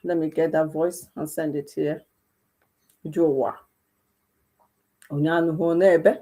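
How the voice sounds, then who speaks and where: A woman with a Nigerian Igbo accent hosting a livestream, moving between soft, sorrowful talk and loud, fiery outbursts. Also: deep voice, flat delivery, measured pace. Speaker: livestream host. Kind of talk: emotional livestream commentary.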